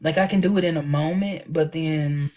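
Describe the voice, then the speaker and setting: A man hosting a casual livestream chat, talking in a chatty, expressive way with playful asides. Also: a little high, normal speed. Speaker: livestream host.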